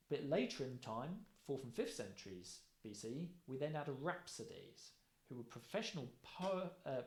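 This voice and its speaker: A man giving a recorded course lecture. He explains step by step and often stops to rephrase or correct himself. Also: medium pitch. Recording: echoey room.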